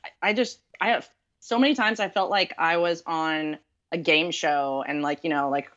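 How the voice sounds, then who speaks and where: A woman author from Texas in the American South appears as a guest in a casual storytelling interview, recounting dating stories in a self-deprecating way with many fillers. Her voice sits low and fairly bright, at a moderate pace, and the recording is muffled.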